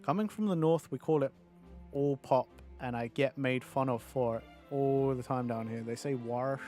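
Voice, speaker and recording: A man's voice: medium pitch, moderate pace, darkish tone, faint music behind. Casual chatty male streamer. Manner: chatty, reads viewer messages aloud. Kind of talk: casual livestream chat.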